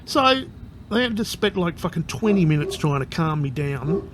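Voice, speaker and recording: A man's voice: fairly high pitch, sing-song, moderate pace, background noise. Rambling, foul-mouthed man vlogging. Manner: rambling, swears constantly. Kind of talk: casual to-camera monologue.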